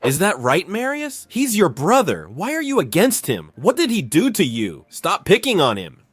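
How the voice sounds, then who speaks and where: A man's voice: sits high, huge pitch swings, normal speed, husky, dry recording, voice pushed up, full character voice. A man voicing a strict mother scolding her son.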